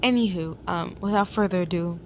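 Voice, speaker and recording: A woman's voice: fairly low pitch, brisk. A young woman chatting casually and recapping a fan fiction story with lots of fillers and giggles, recorded at home on a camera mic with faint noise. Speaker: fanfic reader and channel host. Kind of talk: casual chat and reading a fanfic aloud.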